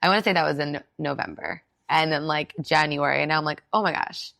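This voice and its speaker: Low gravelly woman sharing her story. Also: steady tone, fast talker, fairly bright tone, no echo. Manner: heartfelt, rambling, with frequent "like" fillers. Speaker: podcast guest. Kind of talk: candid personal storytelling.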